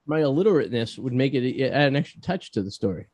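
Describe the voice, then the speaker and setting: Fast and animated, this Boston-accented man speaks at medium pitch with a darkish tone, recorded dry. He hosts a casual podcast interview full of joking, self-mocking banter.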